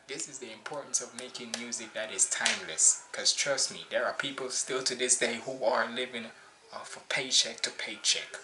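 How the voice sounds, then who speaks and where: A man's voice: mid-range voice, pushed and bright, a little hiss or hum, low-quality recording. A man hosting a music reaction video, talking casually and preachily, repeating his points for emphasis. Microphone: cheap basic mic.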